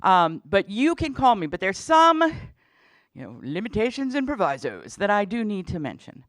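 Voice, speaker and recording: A woman's voice: medium pitch, big pitch swings, moderate pace, dry recording. A middle-aged woman, a dean, giving a chatty, humorous talk to parents at orientation, with many fillers. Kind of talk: presentation to parents.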